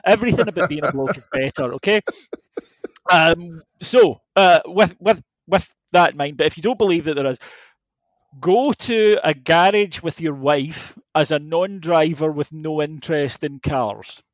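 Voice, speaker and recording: Casual male co-host, storyteller, slightly high voice, dry, dull lo-fi recording. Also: moderate pace, no echo. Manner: swearing, animated storytelling with mimicked voices. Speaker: podcast co-host. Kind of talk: casual chat.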